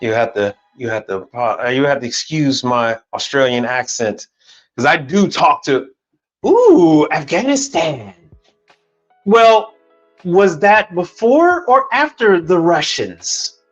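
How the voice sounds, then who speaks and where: Speaking slowly with lively intonation, this middle-aged Houston livestream host has a slightly high, somewhat bright voice, with soft music playing behind him. He rants casually, cursing bluntly and talking back to his chat argumentatively.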